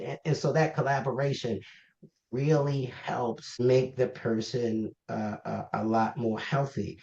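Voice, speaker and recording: A man's voice: medium pitch, a little slow, creaky. Guy founder getting interviewed, acts out little scenes, kinda muffled and roomy. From Baltimore, US. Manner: animated storyteller, acts out quoted exchanges. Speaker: guest, health organization founder. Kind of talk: conversational interview. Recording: roomy, dull lo-fi sound.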